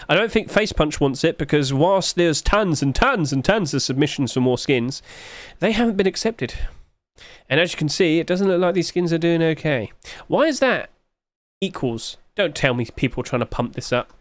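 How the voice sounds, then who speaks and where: A man's voice: a little high, no room sound. A man, musing aloud in casual livestream commentary and asking himself rhetorical questions. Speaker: streamer.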